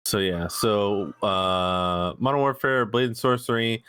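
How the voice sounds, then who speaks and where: Man, podcast host, casual chat, low voice, dry close sound. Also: a little slow, smooth, no room sound. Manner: relaxed, swears freely, restarts often.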